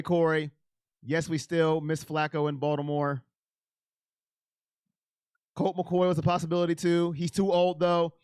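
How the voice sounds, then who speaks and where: A man hosting a casual live stream. He chats with viewers by name and talks in an emotional, animated way. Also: a little high, smooth, no room sound, clean studio sound. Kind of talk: casual live chat about football.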